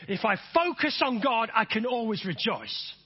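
Emphatic preacher, high husky voice. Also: male voice, sing-song, normal speed, dull audio. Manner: emphatic, repeats phrases and has the audience say them back. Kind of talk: sermon.

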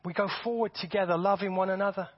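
A man preaching a sermon to his congregation, animated and often repeating words as he builds his points. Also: high-pitched, fast talker, dry recording. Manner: animated, repeats words, acts out voices for effect. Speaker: pastor. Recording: dull, dry sound.

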